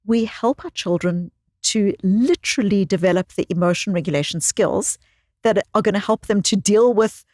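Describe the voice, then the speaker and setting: A woman's voice: mid-range voice, normal speed, a little mellow, dry recording. A woman psychologist speaks as an interview guest in a mid-range voice. She tells stories expressively and leans on repeated phrases for emphasis. The recording is close and dry, with no room sound. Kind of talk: conversational interview storytelling.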